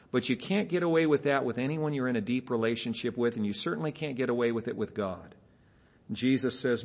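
A man preaching a sermon as a pastor, speaking emphatically and asking his listeners rhetorical questions. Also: mid-range voice. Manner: mimics dull repeated phrases in a flat, weary tone.

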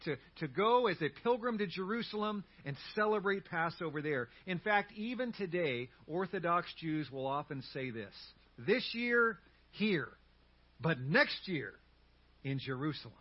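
A man preaching a sermon as pastor, telling a story in an animated way with humorous asides. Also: high-pitched, dull audio.

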